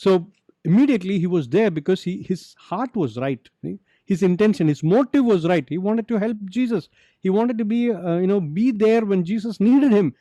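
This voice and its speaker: A man's voice: sits high, fast, dry recording, highs cut off. A man with a Kerala Indian English accent teaching a Bible lesson to youth, asking rhetorical questions and acting out the story. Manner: animated, asks rhetorical questions and dramatizes the story.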